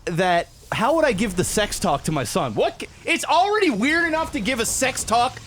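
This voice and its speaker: A man's voice: very high voice, very animated, normal speed, a bit bright, a little hiss or hum. A man hosting a gaming podcast, casting in casual talk that is blunt and full of swearing. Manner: profane, blunt and easily laughing. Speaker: game caster and podcast host. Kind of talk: casual esports commentary.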